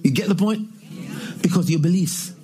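A man with a strikingly high voice preaching a sermon. He hammers home repeated refrains and breaks into shouted exclamations. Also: moderate pace. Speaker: pastor.

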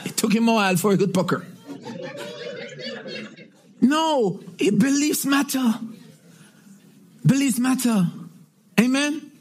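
A middle-aged male pastor preaching a sermon, emphatic, with repeated refrains and shouted exclamations. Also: very high voice, unhurried, long pauses.

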